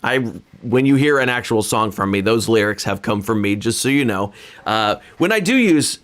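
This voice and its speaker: Here the Californian livestream host and musician speaks in a lowish, animated, a bit bright voice at normal speed. He's at home playing guitar, faintly audible, rambling earnestly and running himself down, with frequent restarts.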